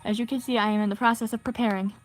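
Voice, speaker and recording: A woman's voice: fairly high pitch, fairly even intonation, rapid-fire, close to an everyday voice. A woman voicing a stern, formal middle-aged female spirit medium who speaks stiffly and politely. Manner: stiff, formal, addresses others as good sir.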